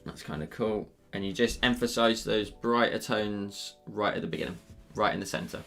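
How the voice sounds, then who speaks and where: A deep-voiced man with a Scottish accent and a gravelly edge talks through a live digital painting tutorial. He is chatty and joking as he answers viewers between steps. Faint music plays softly behind him. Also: normal speed. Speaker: livestreaming digital artist. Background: faint background music.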